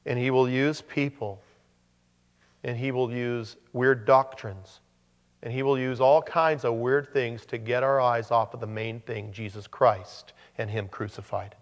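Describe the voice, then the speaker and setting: Brief male pastor, mid-pitched, relaxed preaching with wry asides, long hall echo. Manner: conversational, joking asides. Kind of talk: sermon.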